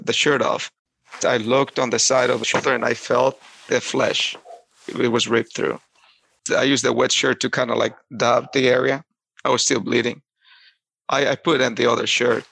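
A man telling his own hard past in a personal testimony, halting and restarting, often repeating words. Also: medium pitch, gravelly, fairly bright tone, dry recording.

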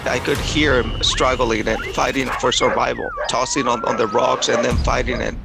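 A man's voice: medium pitch, little pitch movement, moderate pace, gravelly, loud music behind the voice. A man giving an intense, earnest first-person testimony, retelling a harrowing experience in vivid detail. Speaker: storyteller recounting a personal experience.

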